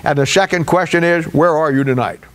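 A man's voice: a little high, a little fast, fairly bright tone. Folksy preaching pastor, man. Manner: folksy, conversational preaching with hesitations. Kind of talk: sermon.

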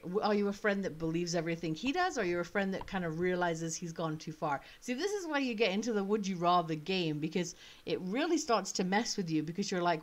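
A woman vlogger chatting casually and thinking out loud. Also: on the low side, animated, a little fast, hardly any pauses. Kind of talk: casual chat.

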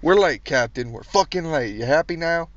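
A man voicing an exasperated alien soldier griping to his captain, gruff and loud. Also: fairly high pitch, lively intonation, moderate pace, dry recording, lightly acted. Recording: distant dull recording.

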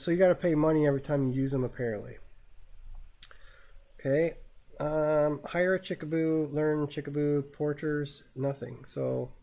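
A man's voice: fairly high pitch, mellow. Crude joking male game streamer. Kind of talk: live gameplay commentary.

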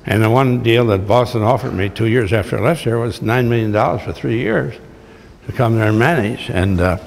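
Speaking fairly quickly in a creaky mid-range voice, this retired baseball manager delivers salty, blunt stories in a folksy style. He is an older man addressing an audience in a big, echoey hall, with slight background noise.

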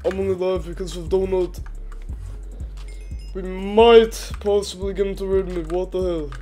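A woman's voice: fairly low pitch, fairly even intonation, moderate pace, warm tone, faint music behind. A woman hosting a casual gaming livestream, stuffed up from a cold, talking in slangy, joking rambles. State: congested from a cold. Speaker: livestream host.

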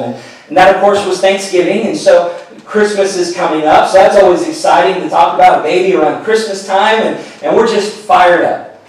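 A middle-aged pastor telling a personal story in a sermon, earnest and storytelling, often falling to a hushed voice. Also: male voice, on the high side. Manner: earnest storytelling, drops to a hushed voice at tender moments. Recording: echoey hall, mic at a distance.

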